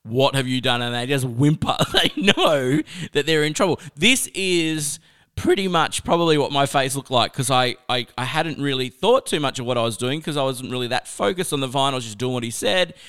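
Smooth-voiced man telling a lively story. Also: mid-range voice, moderate pace. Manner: chatty, animated, laughs through the story. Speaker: speaker sharing a life lesson. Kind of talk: personal storytelling.

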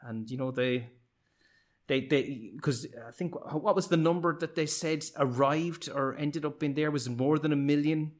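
A man's voice: on the high side, moderate pace. A man in a casual film discussion, explaining his ideas and thinking aloud.

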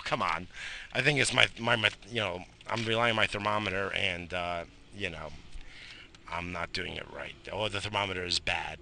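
A man in his thirties hosts a morning show in a low but very bright, sharp-edged voice. He rants with lots of swearing and stops for coughs and sighs. He talks outdoors while smoking in the morning. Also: creaky. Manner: profane, animated ranting with frequent coughs and sighs. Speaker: host of a morning radio show. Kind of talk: casual rambling monologue.

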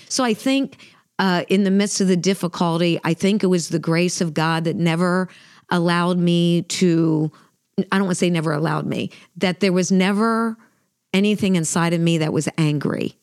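A woman's voice: fairly low pitch, dry recording, studio quality. A middle-aged woman on a faith podcast, telling a personal story in an earnest, emotional way with frequent fillers and restarts. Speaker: podcast co-host. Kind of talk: heartfelt conversational storytelling.

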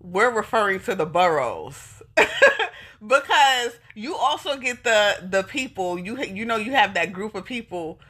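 A woman's voice: medium pitch, lively intonation, unhurried, a bit bright. A woman with a New York accent hosting a casual chat, emphatic and laughing often. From New York City. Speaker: host.

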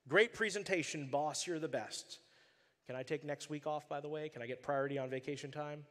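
A man voicing a fawning office flatterer in a soft, sucking-up tone. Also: on the high side, a little fast, big-room sound, natural voice.

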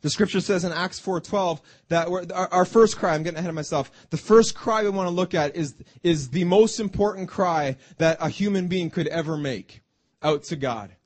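A man's voice: sits high, moderate pace. A middle-aged man preaching a sermon in a church, often restarting words and asking the congregation "Amen?". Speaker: pastor.

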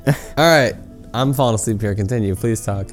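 A man's voice: mid-range voice, fairly quick, soft background music. A young man co-hosting a podcast, answering his partner's teasing with dry, exasperated complaints. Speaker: podcast co-host. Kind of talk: casual podcast banter.

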